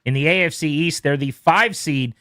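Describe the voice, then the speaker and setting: A man hosting a sports radio show, rattling off quick game recaps with playful asides. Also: fairly high pitch, sharp tone, no room sound, clean studio sound. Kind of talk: brisk scores recap.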